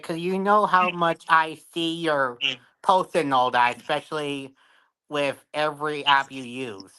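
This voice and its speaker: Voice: medium pitch, fairly even intonation, measured pace, bright, forceful tone, smooth, low-quality recording. A co-host chatting casually to viewers, blunt and swearing freely while backing up their partner.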